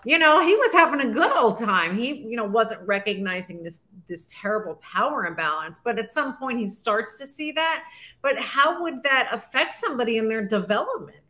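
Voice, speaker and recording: Bright, frank woman on a panel. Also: fairly high pitch, expressive, normal speed. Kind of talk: casual panel discussion.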